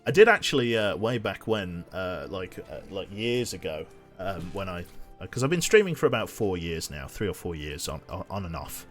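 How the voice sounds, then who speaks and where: A man's voice: deep voice, big pitch swings, moderate pace, faint music behind. A man chatting casually while streaming a game, rambling with lots of fillers and restarts. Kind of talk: casual gaming livestream commentary.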